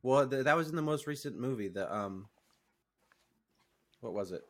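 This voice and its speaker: A man's voice: medium pitch, lively intonation, normal speed. A man co-hosting a podcast, talking casually and hesitantly, full of restarts and "like", defending his opinions. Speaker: podcast co-host. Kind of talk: casual chat.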